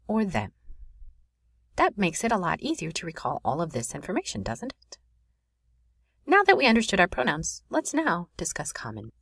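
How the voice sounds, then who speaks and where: A woman teaching a French grammar lesson in a clear, explanatory voice. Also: lowish voice, fairly bright tone, dry recording, clean studio sound. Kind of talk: recorded classroom lesson.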